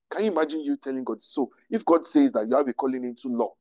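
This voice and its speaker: A man, a pastor teaching to a live audience with animated rhetorical questions. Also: mid-range voice, quick pace, few pauses, no room sound, rough recording. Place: room with an audience.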